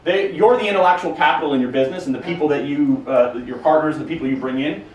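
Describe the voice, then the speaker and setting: A man's voice: fairly high pitch, fast talker, darkish tone, dull audio. A man speaking casually to a live audience and taking their questions, blunt and profane with a joking tone. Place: conference room with an audience. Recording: roomy, from a distance, faint noise.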